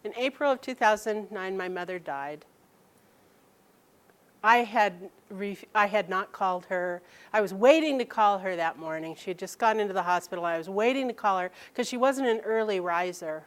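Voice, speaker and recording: A middle-aged woman telling a personal story to an audience, animated and laughing as she quotes her mother. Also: mid-range voice, moderate pace.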